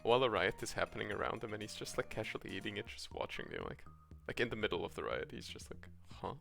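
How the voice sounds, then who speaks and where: A fast, very animated talker with a fairly low pitch, vocal fry and a fairly bright tone rambles through a cozy farming game stream at home. He laughs a lot, responds to chat and keeps restarting his thoughts, with game music faintly audible.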